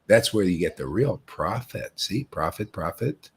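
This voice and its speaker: A man's voice: sits low, unhurried, slightly rough. A man giving an informal, rambling spiritual talk, telling stories and mocking other devotees. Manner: rambling, animated storytelling that mocks other devotees. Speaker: spiritual teacher.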